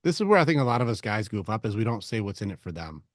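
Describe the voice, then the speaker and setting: A man's voice: lowish voice, very fast, dry recording, clean studio sound. A man hosting a men's group talk, coaching casually and swearing as he goes. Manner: animated, swears often, acts out voices in quotes. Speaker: host leading a men's group discussion.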